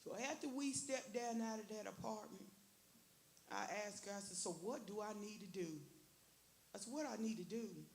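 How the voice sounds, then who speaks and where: A woman's voice: mid-range voice, normal speed, darkish tone. A woman giving an earnest personal testimony in church, repeating phrases and quoting her own prayers. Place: church sanctuary. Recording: echoey church with faint hiss.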